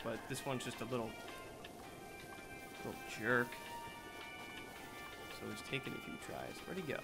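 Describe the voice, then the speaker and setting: An excitable man commentates as he plays, his pitch leaping all over the place. He swears playfully and talks straight to the game, with music playing behind him. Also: normal speed, gravelly. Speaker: let's play gamer. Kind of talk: casual gameplay commentary.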